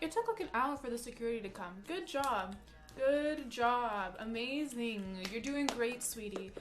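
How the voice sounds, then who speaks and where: A young woman livestreaming from home, telling a story in a chatty, animated way full of "like" while reading chat. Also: fairly high pitch. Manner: chatty, animated, peppers speech with "like".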